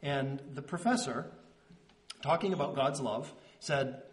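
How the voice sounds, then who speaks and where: A man preaching a conversational sermon as pastor, earnest and checking in with the congregation, slowing into soft pauses on key words. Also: medium pitch. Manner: earnest, checks in with "right?" and "okay?".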